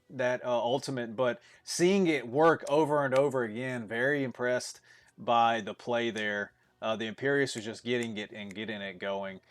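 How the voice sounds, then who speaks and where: Chatty man casting an esports match. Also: medium pitch. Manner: chatty, rambling, quick bursts with frequent fillers and chuckles. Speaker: tournament caster. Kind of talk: solo esports commentary.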